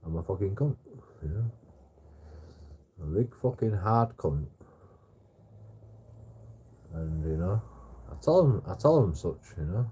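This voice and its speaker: Deep husky guy ranting on a livestream, swears loads, keeps restarting. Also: warm tone. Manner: swears heavily, repeats and restarts himself. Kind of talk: rambling casual storytelling.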